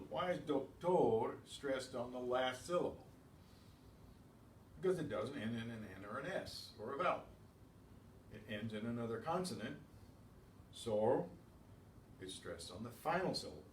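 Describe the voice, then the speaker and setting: A man teaching a beginners' language class, explaining patiently and answering his own questions. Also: medium pitch. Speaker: Spanish teacher. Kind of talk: classroom lesson. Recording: echoey room, distant mic, faint noise.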